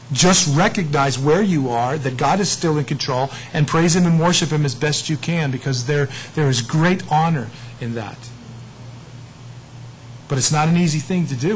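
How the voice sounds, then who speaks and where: Male pastor, middle-aged, high voice, chatty self-mocking Bible teaching, faint hiss behind. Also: poor audio. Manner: conversational, animated, self-mocking.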